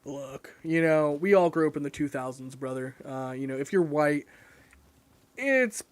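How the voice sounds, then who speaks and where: A young man with a fairly high voice and lively intonation talks a little slowly as he streams a game, with no room sound on the recording. He chats in a rambling, profane way and frequently makes fun of himself.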